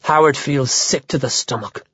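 A man narrating a literary audiobook in a measured, even manner. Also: mid-range voice, breathy edge, no echo. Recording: dull lo-fi dry audio.

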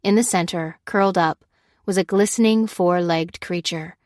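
A woman's voice: on the low side, moderate pace, darkish tone, dry recording. Woman narrating a story, dry close sound. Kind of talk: scripted narration.

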